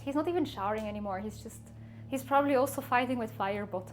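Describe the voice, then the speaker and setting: A woman's voice: on the high side, fast, faint music behind. A woman from Switzerland, chatting casually and rambling to her live-stream viewers, often laughing at herself.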